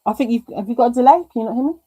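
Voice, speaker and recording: A woman's voice: a little high, rapid-fire, mellow, breathy edge, no room sound. A British woman hosting a live craft stream, chatting casually, reading viewer comments aloud and talking to herself through technical hiccups. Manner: chatty, reads chat aloud, talks to herself through tech glitches.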